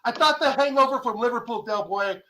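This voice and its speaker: A man ranting furiously as a panel guest on a football fan show, swearing and shouting. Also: very high-pitched, a little fast, background noise. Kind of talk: heated fan rant.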